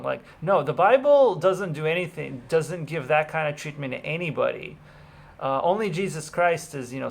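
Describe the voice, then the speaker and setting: A man's voice: on the high side, gravelly, a bit bright. A man reading a Bible passage and then talking about it in a loose, casual way, full of fillers and restarts. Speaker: Bible commentator.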